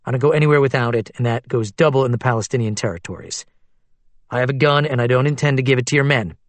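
A man's voice: medium pitch, quick pace, no room sound, natural voice. A man voicing a blunt, stubborn male private investigator.

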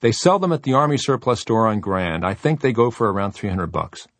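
A man reading an audiobook, voicing an excitable, hot-headed young man who talks eagerly and heatedly. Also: lowish voice, brisk, dry recording. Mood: excited.

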